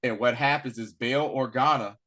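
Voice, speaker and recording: A man co-hosting a casual review chat, retelling a story with animated, slangy acted-out lines. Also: mid-range voice, normal speed. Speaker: podcast co-host reviewing a series.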